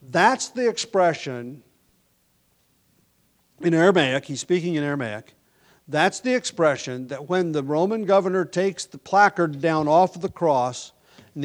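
This pastor preaches with a fairly high voice, frequently sinking to a soft hush before rising into loud, emphatic lines. While explaining, he sometimes restarts or repeats words.

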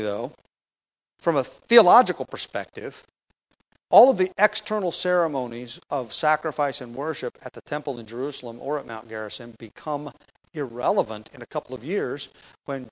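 A man's voice: mid-range voice, expressive, normal speed, poor audio. A man preaching an expository sermon, teaching from a passage with emphatic stress on key words and occasional fillers and restarts.

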